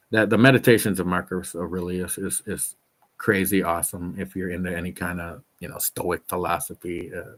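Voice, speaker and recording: A middle-aged man chatting casually to his viewers as a fitness vlogger, rambling and enthusiastic, with many fillers and restarts. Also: low-pitched. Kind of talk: casual chat to camera.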